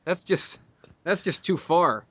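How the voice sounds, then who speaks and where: A man's voice: a little high, lively intonation, slow, fairly bright tone, dry recording. A man telling a crude, profanity-heavy story in casual podcast chat, laughing often. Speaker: podcast guest.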